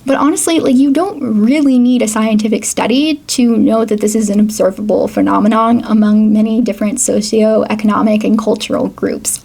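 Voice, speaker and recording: Chatty woman with a creaky voice. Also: medium pitch, a little mellow. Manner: chatty, reads quotes aloud, laughs now and then. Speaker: educational video host. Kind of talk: casual educational vlog narration.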